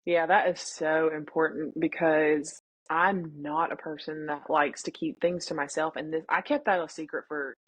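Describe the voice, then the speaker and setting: A woman's voice: deep voice, fairly even intonation, moderate pace, few pauses, slightly rough, no room sound. A young woman guest speaking candidly and with feeling in a casual interview, often acting out what her family said. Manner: candid and emotional, reenacting family dialogue. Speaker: podcast guest.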